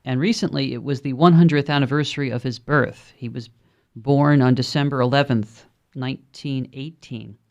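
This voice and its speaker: A man's voice: mid-range voice, steady tone, normal speed, darkish tone, lo-fi sound. A man with a Brooklyn accent hosting a call-in radio talk show, speaking in a conversational, rambling way with frequent ums and uhs. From Brooklyn, New York.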